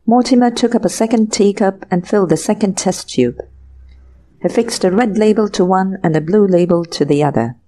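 A woman's voice: medium pitch, normal speed, warm tone. A woman reading a classic mystery short story aloud as an audiobook narrator, giving each character's lines a voice of their own. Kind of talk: scripted narration.

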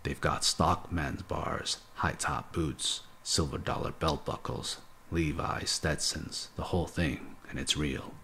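A man's voice: a bass voice, steady tone, takes it slowly, creaky, bright, forceful tone, slight background noise, full character voice. A man voicing a friendly, talkative male traveler with a Southern US accent, telling stories with enthusiasm. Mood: enthusiastic. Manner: chatty, enthusiastic storytelling.

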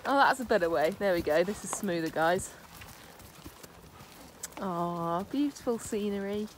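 A woman's voice: medium pitch, lively intonation, a little slow. A woman vlogging casually from horseback on a country track, chatting and praising her pony. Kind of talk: casual vlog narration. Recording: noisy outdoor phone recording.

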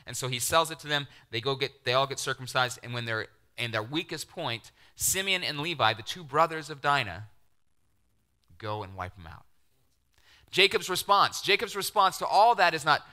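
Middle-aged male pastor, animated sermon delivery, very bright and tense tone, dips into hushed asides. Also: mid-range voice, fairly quick. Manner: animated, acts out quoted voices, drops to near-whispers.

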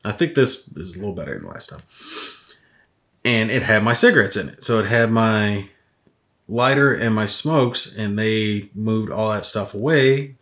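A man's voice: lowish voice, a bit bright. A man chatting casually while painting miniatures, rambling through stories and swearing freely. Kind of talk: casual rambling hobby chat.

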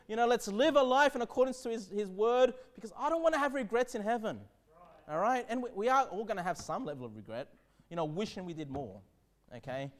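A man preaching a sermon as pastor, reading scripture slowly and emphatically and checking in with the congregation with frequent "okay?". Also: sits high. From Australia.

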